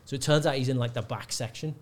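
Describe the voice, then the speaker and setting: A male comedian, telling a lively story in casual chat and acting out the people in it. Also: mid-range voice, fast. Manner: animated storyteller, shouts out quoted hecklers. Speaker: guest comedian.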